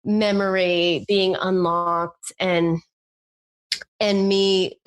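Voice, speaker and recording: A woman's voice: mid-range voice, little pitch movement, very slow. A woman co-hosting a podcast, telling a personal story with intensity, drawing out words for emphasis. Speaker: podcast co-host. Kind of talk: casual chat.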